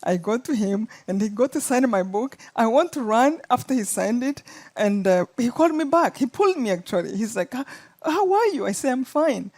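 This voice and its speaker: A woman's voice: fairly high pitch, moderate pace. Earnest Rwandan-accented woman telling her story. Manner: earnest, animated retelling with acted quotes. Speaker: guest speaker. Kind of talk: storytelling in an interview.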